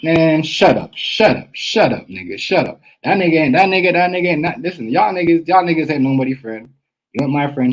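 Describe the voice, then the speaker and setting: Husky-voiced man livestreaming to chat. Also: fairly high pitch, fairly quick, poor audio. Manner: animated, repetitive, streetwise slang, addresses chat directly. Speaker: livestream host. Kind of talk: casual livestream talk to chat.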